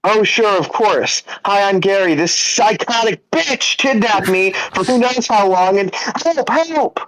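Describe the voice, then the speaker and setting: A man playing a half-starved prisoner who has cracked, his voice sitting high and shrill. He yells, curses and sneers at the one holding him, swinging between raving and sarcastic mockery in a live comedy script read. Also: lively intonation, unhurried, rough recording. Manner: shouting, cursing, sarcastic. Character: starved unhinged captive man, furious and mocking.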